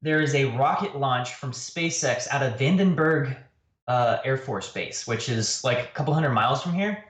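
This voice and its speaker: A man's voice: moderate pace, a bit bright. A man telling a story in a casual livestream chat, laughing often. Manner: laughing storyteller, jumps high when quoting. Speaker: guest artist. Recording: roomy echo.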